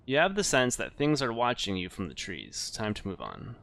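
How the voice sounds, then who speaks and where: A man's voice: mid-range voice, wildly swooping pitch, normal speed, creaky, hardly any pauses, a bit bright. A man playing through a text adventure, chatting casually and reading the game's narration aloud with asides. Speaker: game streamer.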